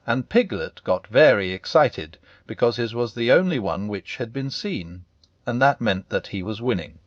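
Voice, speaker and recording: A man narrating a classic children's story as a calm bedtime reading. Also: medium pitch, moderate pace, no echo, highs cut off. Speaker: audiobook narrator.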